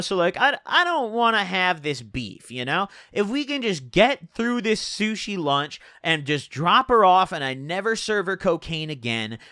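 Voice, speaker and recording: A man spinning a story for his video, animated and swearing freely, with a lively voice that swings up and down. His tone is bright and fairly high, and the sound is close and dry. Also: dry recording. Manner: profane, animated, lots of filler "like" and "dude". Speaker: YouTuber. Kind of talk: storytelling vlog.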